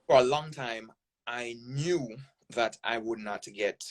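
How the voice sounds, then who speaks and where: A man with a Jamaican accent speaks as a podcast guest. His voice sits at an ordinary middle pitch, and he tells stories animatedly, pushing hard on key words and checking in with "right?" as he goes. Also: takes it slowly. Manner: animated, emphatic storytelling with frequent "right?" tags. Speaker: guest content creator. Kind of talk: casual interview talk.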